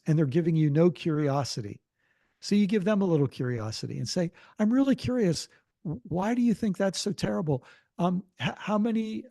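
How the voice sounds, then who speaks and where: An older man speaking to an audience in a gentle, reflective way, often pausing and restarting his sentences. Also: fairly high pitch, dry recording, studio quality. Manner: gentle, thoughtful, with frequent restarts and hesitations. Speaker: speaker answering audience questions.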